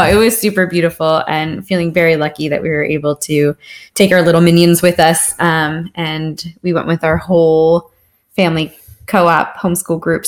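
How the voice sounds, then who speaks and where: Chatty lady cohosting a podcast, laughs a lot, kinda low voice. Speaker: podcast co-host. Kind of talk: casual chat.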